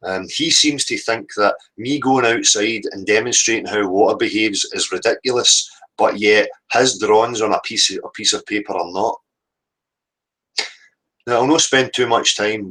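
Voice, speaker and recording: A man's voice: on the low side, pushed and bright, rough recording. A man hosting a livestream, combative and sweary, repeatedly asking "right?" as he rants. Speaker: livestream host. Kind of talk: heated livestream rant.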